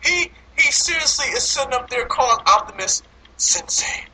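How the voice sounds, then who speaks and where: A man in casual, profane movie review chat, animated and laughing often as he complains. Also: extremely high pitch, normal speed, slight background noise, poor audio.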